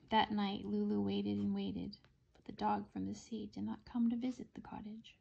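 A woman, a mother, reading a children's chapter book aloud in an expressive, unhurried way. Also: medium pitch, creaky, husky, muffled recording.

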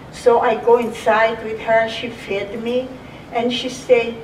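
A woman's voice: a little high, level tone, slow pace, distant mic, slight background noise. A woman in her eighties from Russia with a Russian accent, telling her life story in simple, broken English. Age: 80s. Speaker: survivor giving oral history. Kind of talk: personal testimony. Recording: echoey room, off-mic.

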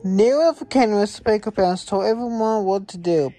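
A woman reading a children's picture book aloud, in a slow, halting way with small stumbles. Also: medium pitch, warm tone, no echo. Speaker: reader.

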